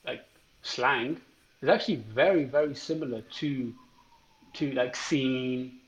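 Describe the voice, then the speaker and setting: A man's voice: medium pitch, slow, muffled recording. A British man co-hosting a podcast, telling anecdotes in casual chat and swearing freely. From Britain. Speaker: podcast co-host.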